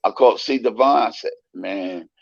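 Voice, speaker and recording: Animated guy telling old stories, swears a lot, dull dry audio. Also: lowish voice, moderate pace, vocal fry, no echo. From United States. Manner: animated, profane, acts out quoted voices. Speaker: interview guest. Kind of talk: casual storytelling interview.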